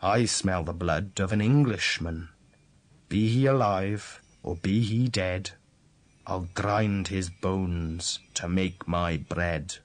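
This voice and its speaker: A man's voice: low-pitched, fairly even intonation, slow pace. A man voicing a huge, bellowing, man-eating male ogre in a read-aloud fairy tale. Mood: menacing.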